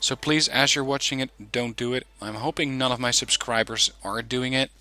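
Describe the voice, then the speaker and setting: Bright-voiced man commenting on a replay. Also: mid-range voice, normal speed. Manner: relaxed, chatty, many ums. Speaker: gaming channel host.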